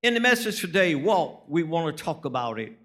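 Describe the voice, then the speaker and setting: A man's voice: on the high side, sing-song, brisk, a bit bright. A man, preaching a sermon as a guest preacher, telling folksy stories and rising into emphatic preaching.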